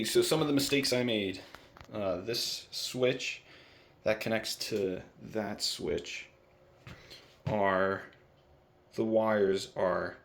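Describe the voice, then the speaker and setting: Low-ish voiced young guy doing a diy how-to, relaxed, lots of ums. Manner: relaxed, thinking aloud with fillers. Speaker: DIY video host. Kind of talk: casual how-to narration. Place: indoors in a home bathroom.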